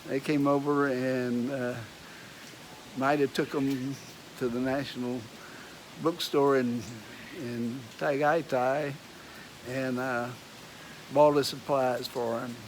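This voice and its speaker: A man's voice: mid-range voice, noisy background. A man from Texas with a Texas accent, chatting casually and rambling folksily to his vlog viewers. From Texas, USA. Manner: rambling, folksy, many fillers and restarts. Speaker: vlogger. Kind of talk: casual chat. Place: outdoors at home in the rain.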